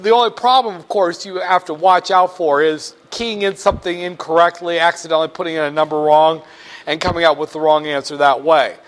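A man's voice: sits high, a bit bright. A man teaching a finance class step by step, joking with his students as he walks them through calculator keystrokes. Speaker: finance instructor. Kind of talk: classroom lecture.

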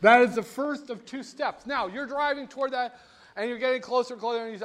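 A male lecturer giving a classroom lecture in a lively, jokey way, speaking straight to his students. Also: extremely high pitch, fairly quick.

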